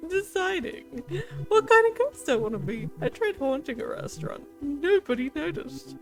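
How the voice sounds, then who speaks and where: A woman's voice: sits high, sing-song, moderate pace, over music, pitched above the performer's own voice. A woman voicing a bubbly, scatterbrained young female ghost in a game, chatty and easily distracted.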